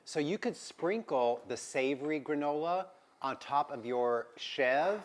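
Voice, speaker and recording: A man co-hosting a live shopping stream, chatting and enthusiastically pitching products. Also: expressive, measured pace, a little hiss or hum. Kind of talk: casual live-stream chat.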